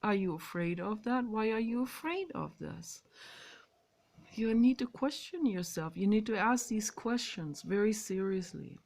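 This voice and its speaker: A woman speaks slowly in a gravelly, fry-laden voice, stretching her words as she muses in a casual vlog. She leans hard on some words and falls to a hushed whisper on others. She is recording outdoors. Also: medium pitch, expressive. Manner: emphatic and drawn-out, swinging between loud stresses and soft whispers. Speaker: vlogger. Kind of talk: casual spoken monologue on meditation.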